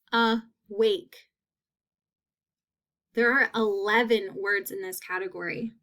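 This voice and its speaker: A woman teacher giving a phonics lesson, repeating each word slowly and clearly. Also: fairly high pitch, a bit bright.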